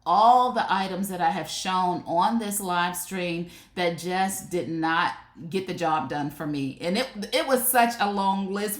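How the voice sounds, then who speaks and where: Chatty woman stream host, roomy sound. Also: medium pitch. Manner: chatty, animated, addresses viewers directly. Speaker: live shopping stream host. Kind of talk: casual live stream product chat. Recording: roomy echo.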